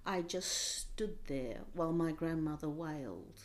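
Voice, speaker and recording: Interview guest, a woman with a lower voice. Intense personal storytelling that drops to a hush at times. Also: expressive, measured pace.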